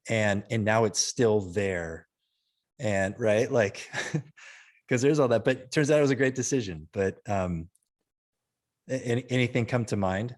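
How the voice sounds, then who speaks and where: A man moderating a casual panel discussion, halting and full of fillers. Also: fairly low pitch. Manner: warm, halting, with many fillers.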